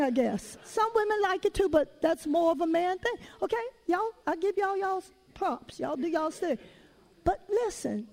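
Woman preacher, high voice, chatty and animated, calls out to the congregation. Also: low-quality recording. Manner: animated, conversational storytelling with call-outs to the audience. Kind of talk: sermon.

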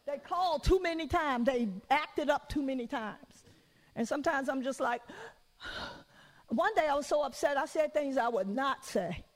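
A woman preacher giving a conversational sermon, telling stories in an animated way and acting out what people said. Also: sits high, measured pace, in a large hall. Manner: animated storytelling with acted-out quotes.

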